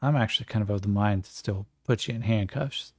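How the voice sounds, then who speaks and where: A man's voice: on the low side, brisk, darkish tone, no echo, clean studio sound, close to an everyday voice. A man voicing a wary, blunt hunter in a solo tabletop game. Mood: annoyed. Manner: blunt, curt.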